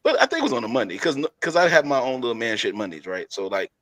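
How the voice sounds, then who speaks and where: A man's voice: mid-range voice, fast, no room sound. A man co-hosting a casual talk show, telling stories with laughs and repetition. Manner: animated storytelling, laughs often, repeats himself. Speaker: podcast co-host. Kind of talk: casual chat.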